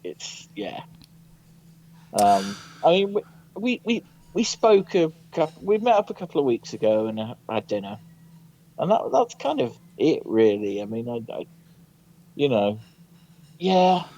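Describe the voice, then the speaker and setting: A man's voice: medium pitch, sing-song, unhurried, long pauses, dark tone. A man calling in to a radio show, speaking hesitantly with many restarts. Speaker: caller. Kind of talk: casual phone-in chat. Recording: dull phone-in line.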